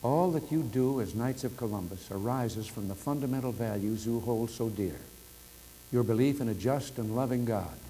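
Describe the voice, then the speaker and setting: A man's voice: medium pitch, normal speed, low-quality recording. Older man giving folksy phoned-in remarks. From United States. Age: 70s. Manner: folksy storytelling, warm humor. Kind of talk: formal speech with anecdote. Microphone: telephone hookup. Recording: archival telephone speech with faint noise.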